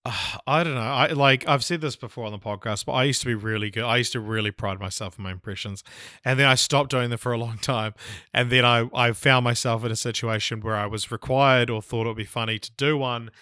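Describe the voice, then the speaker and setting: A man hosting a podcast, slightly hoarse, talking casually in a rambling, hesitant, self-deprecating way. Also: medium pitch, fairly even intonation, brisk, sharp tone, no echo, studio quality. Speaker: podcast host. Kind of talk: casual chat.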